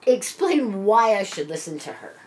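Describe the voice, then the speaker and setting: A woman's voice: mid-range voice, big pitch swings, normal speed. A woman co-hosting a casual chat, telling a story animatedly with lots of swearing. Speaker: podcast co-host.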